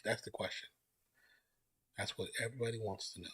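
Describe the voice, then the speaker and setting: A man's voice: fairly low pitch, fairly quick, breathy edge, dry recording. A man hosting a live stream, chatting loosely and greeting viewers as they join. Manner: relaxed, rambling, greets chat viewers by name. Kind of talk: casual live stream chat.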